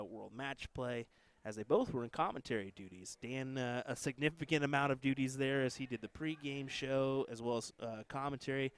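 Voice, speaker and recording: American man, stream host for darts, relaxed chatty talker, mid-pitched voice. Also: smooth, no echo. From United States. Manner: chatty, reading viewer comments aloud between matches. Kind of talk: casual live-stream commentary.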